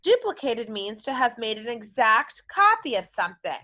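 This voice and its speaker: A woman's voice: a little high, very animated, moderate pace, bright, forceful tone, dull audio. A woman teaching a recorded vocabulary lesson to children, encouraging them and modeling words in playful voices. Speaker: elementary school teacher.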